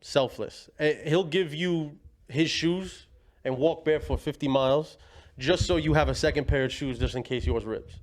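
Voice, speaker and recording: A man's voice: fairly high pitch, moderate pace. A young man telling family stories in a rambling, slangy way, laughing as he goes. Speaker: guest. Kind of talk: casual storytelling.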